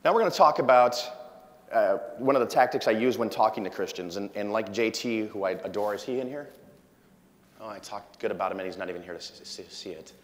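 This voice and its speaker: A man giving a humorous conference talk to a live audience, telling an animated story. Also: fairly low pitch, a little fast. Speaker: conference speaker. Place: large conference hall. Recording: long hall reverb from a lecture hall.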